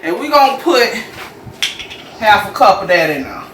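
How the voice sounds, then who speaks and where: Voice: medium pitch, big pitch swings, normal speed, sharp tone. Southern home cook chattin to the viewers, y'all style, kinda far off the mic in an echoey kitchen, faint hum behind. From Jacksonville, Florida, US. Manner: chatty and folksy, talks straight to viewers as y'all. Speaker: home cooking show host. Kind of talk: casual cooking demonstration.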